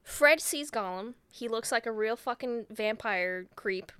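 Woman podcast co-host, unhurried and sweary, close dry mic. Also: a little high, pushed and bright, clear, resonant tone, dry recording. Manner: rambling, sweary, laughs often. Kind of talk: casual podcast chat retelling a film.

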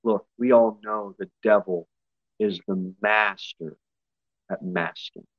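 A male pastor preaching a sermon, his voice jumping high and loud for emphasis before dropping back low. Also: steady tone, takes it slowly, dry recording, highs cut off. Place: church.

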